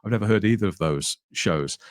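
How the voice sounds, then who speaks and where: A man's voice: lowish voice, a little fast, dry recording, clean studio sound. A man hosting a casual podcast chat, laughing often and reading out news items. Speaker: podcast host.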